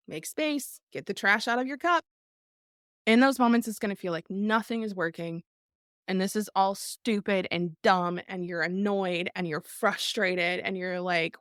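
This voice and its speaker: A woman's voice: mid-range voice, fairly even intonation, moderate pace, fairly bright tone, no echo. Earnest, emphatic woman host, dry sound. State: tearful. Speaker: podcast host. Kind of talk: reflective live talk to an online group.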